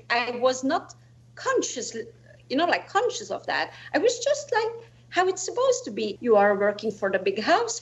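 Soft-spoken woman telling a personal story. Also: high-pitched, lo-fi sound. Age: 40s. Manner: earnest, reflective, slightly non-native phrasing with "you know, like". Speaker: guest.

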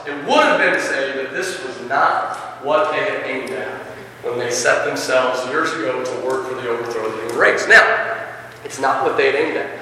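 A man demonstrating a lesson for teachers, animated and expressive, questioning his audience and reading passages aloud with feeling. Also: medium pitch, brisk, a little hiss or hum. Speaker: teacher leading a teacher workshop. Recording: echoey hall, from a distance.

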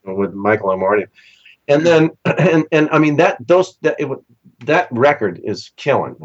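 A lively session musician from Southern California, guesting on an interview, tells casual stories at a moderate pace. His pitch jumps high each time he acts out what someone said, and the audio sounds dull and lo-fi.

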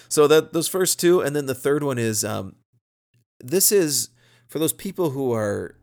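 A man's voice: on the high side, lively intonation, takes it slowly, darkish tone. A man in his thirties co-hosting a podcast for church workers, explaining communication tips in an earnest, practical, casual way. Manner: earnest, practical, acts out short sample dialogues. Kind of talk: casual instructional podcast talk.

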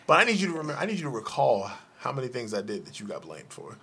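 A man's voice: mid-range voice, wildly swooping pitch, rapid-fire, sharp tone, slight background noise. A man co-hosting a casual chat show, telling profane stories and acting out other people's voices. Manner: profane, laughing, acts out voices in anecdotes. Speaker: co-host.

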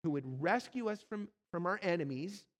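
A man's voice: high voice, expressive, moderate pace. A man preaching a sermon, telling stories and speaking directly to the congregation. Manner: storytelling, direct address to the congregation. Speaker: pastor.

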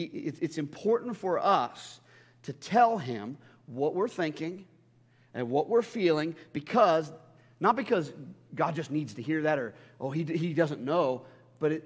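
A man's voice: on the high side, lively intonation, moderate pace, husky. A male pastor preaching a sermon in a church, talking conversationally and building to emphatic peaks. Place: church sanctuary. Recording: long hall reverb.

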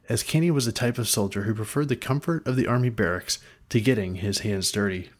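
A man narrating a fantasy audio story with a somewhat low voice. He reads in a dry, wry manner, steady and measured.

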